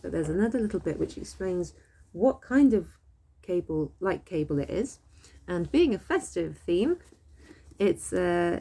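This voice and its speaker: Woman, middle-aged, French teacher, gravelly low voice, mellow tone, chatty step-by-step explaining. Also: expressive, measured pace. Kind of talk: casual online language lesson.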